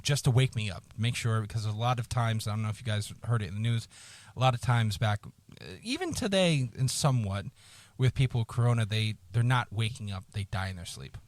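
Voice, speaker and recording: Male podcast co-host, low voice, dry close mic, halting emotional storytelling with frequent swearing. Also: no echo. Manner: halting, repeats words, swears often. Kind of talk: personal storytelling.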